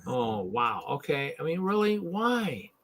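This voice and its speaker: A man's voice: a little high, big pitch swings, a little slow. A man hosting a live hobby stream in casual chat, ranting in an exasperated, sarcastic way and often repeating himself.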